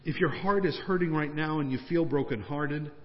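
A man preaching a sermon as pastor, swinging between raised, emphatic questions and hushed, slowed asides. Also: on the high side. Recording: long church-hall reverb, dull lo-fi sound.

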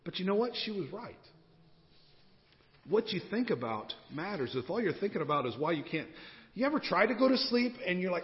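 A man's voice: high voice, very animated, a little fast. A male pastor preaching a sermon, chatty and joking, building to fervent declarations. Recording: dull sound with long hall reverb.

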